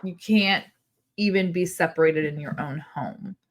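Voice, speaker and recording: Candid mom, lowish voice. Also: female voice, a little slow. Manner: candid, animated storytelling, laughs. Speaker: podcast co-host. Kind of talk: casual chat.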